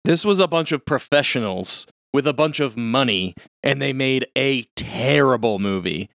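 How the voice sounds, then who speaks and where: A man's voice: mid-range voice, animated, moderate pace, fairly bright tone, no room sound, studio quality. A man co-hosting a podcast in casual chat, loose and profane, laughing often. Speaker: podcast co-host.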